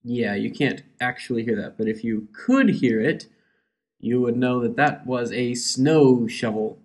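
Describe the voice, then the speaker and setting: A man talking loosely to his listeners as host of his own show. His voice sits at an ordinary, middle pitch, and he wanders from thought to thought, filling pauses with ums. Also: animated, darkish tone. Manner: rambling, hesitant, many ums. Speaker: podcast host. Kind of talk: casual solo chat.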